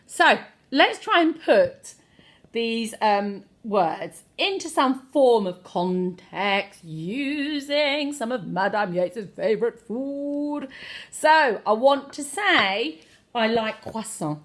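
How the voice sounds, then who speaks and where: Lively woman teaching French phrases. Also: mid-range voice, a little slow. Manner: lively, expressive, playful overacting of phrases. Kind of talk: online language lesson.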